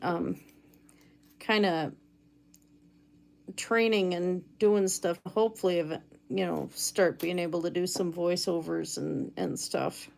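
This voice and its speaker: This is a woman hosting a relaxed live stream as she works on jewelry. She talks at an unhurried, easygoing pace and keeps a chatty back-and-forth going with her viewers. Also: lowish voice, creaky. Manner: easygoing, chatty, reads viewer comments aloud. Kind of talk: casual live-stream chat while crafting. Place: home cabin.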